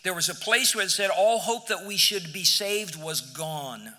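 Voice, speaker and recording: A male pastor preaching a sermon in a church, emphatic, moving from near-shouts to hushed, quiet passages. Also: high-pitched, measured pace, big-room sound. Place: church sanctuary.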